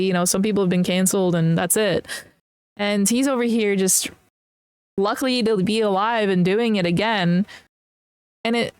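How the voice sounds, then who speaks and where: A woman's voice: mid-range voice, clean tone, no room sound. A young woman hosting a podcast, telling travel stories in a rambling, casual way, full of "like" and little laughs. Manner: rambling, filler-heavy, with frequent laughs. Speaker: podcast host. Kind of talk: casual solo travel chat.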